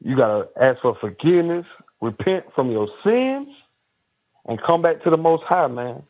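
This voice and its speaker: A man's voice: a little high, very animated. Preachy man on a tinny phone line. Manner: preachy and emphatic, drawn-out exhortations. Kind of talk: casual religious chat.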